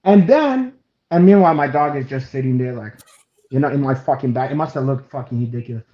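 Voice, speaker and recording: A man co-hosting a chat over a video call, telling an animated story with heavy swearing, restarts and loud acted-out quotes. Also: mid-range voice, fast talker. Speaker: co-host. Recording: roomy, dull lo-fi stream audio.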